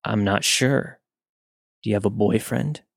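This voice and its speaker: A man doing a sleazy middle-aged trucker with a lazy Southern drawl, low and dry-sounding, pushy in every line. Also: unhurried, gravelly, dry recording. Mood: leering. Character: crude flirty middle-aged male trucker turning nasty.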